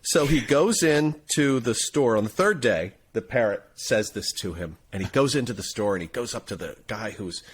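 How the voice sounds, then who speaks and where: A man who produces the podcast, telling a joke in lively storytelling style. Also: on the low side, moderate pace.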